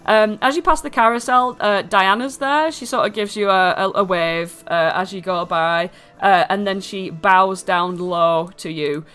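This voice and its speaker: A woman's voice: medium pitch, steady tone, unhurried, few pauses, fairly bright tone, clean tone. A woman narrating a tabletop game as game master, describing scenes loosely with many fillers. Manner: rambling, filler-heavy description.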